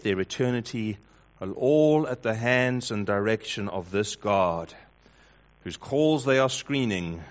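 A man preaching a sermon, building through rhetorical questions and swinging between loud emphasis and hushed lines. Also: mid-range voice. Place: church hall with congregation. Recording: dull lo-fi sound.

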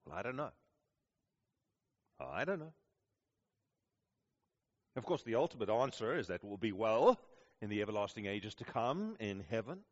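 A man's voice: fairly low pitch, sing-song, normal speed, long pauses. Earnest preacher man, lo-fi recording. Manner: earnest, rising to intense questioning then softening. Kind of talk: sermon. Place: church service with congregation.

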